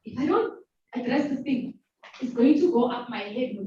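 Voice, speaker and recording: A woman in her forties from South Africa, hosting a talk and telling a personal story to a live audience, lively and playful. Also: high-pitched, moderate pace, a little hiss or hum. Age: 40s. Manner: animated, playful, acts out voices of others. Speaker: host. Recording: very echoey hall from far off, dull sound.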